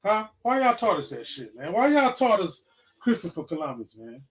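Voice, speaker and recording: A man in his forties hosting a podcast, talking to listeners in a casual, preachy monologue that breaks into loud, excited bursts. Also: sits high, moderate pace, rough recording. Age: 40s. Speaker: podcast host.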